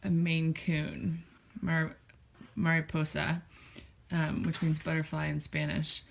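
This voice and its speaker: Woman rambling to her cats on a home vlog, slightly low voice, kinda breathless. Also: flat delivery, slow pace, creaky. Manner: chatty, rambling with many fillers. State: a little out of breath. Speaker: cat blog host. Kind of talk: casual vlog talking to her cats and viewers. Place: indoors at home.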